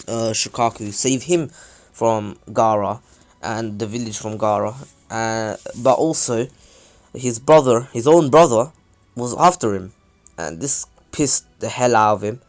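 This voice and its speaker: A man casually recapping a fan-made story, rambling with many fillers and self-corrections. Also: mid-range voice.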